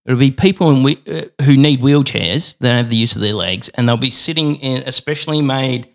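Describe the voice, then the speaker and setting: A man's voice: mid-range voice, brisk, vocal fry. A man with an Australian accent, chatting as a podcast guest and telling rambling, playful stories. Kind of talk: casual podcast chat.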